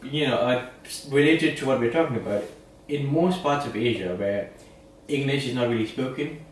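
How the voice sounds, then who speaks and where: A man's voice: mid-range voice, normal speed, slight background noise. Indian man chatting, echoey and distant. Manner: animated, frequent restarts and laughter. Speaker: podcast co-host. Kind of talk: casual chat. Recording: echoey room, distant mic.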